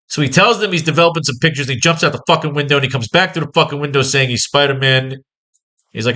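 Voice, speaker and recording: A man's voice: a little high, expressive, fast talker, bright, forceful tone. A man teaching comic book writing in a casual online lesson, talking in a profane, rambling, exasperated way.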